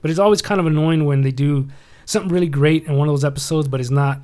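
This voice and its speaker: A man's voice: on the high side, fairly even intonation, quick pace, a little mellow. A man co-hosting a casual podcast chat, rambling and cutting himself off mid-sentence. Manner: rambling, self-interrupting. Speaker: podcast co-host.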